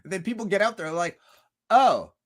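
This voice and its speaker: Profane rambling man, a bit high-voiced. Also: expressive, normal speed, fairly bright tone. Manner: profane, rambling, full of rhetorical questions. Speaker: streamer. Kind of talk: rambling livestream monologue.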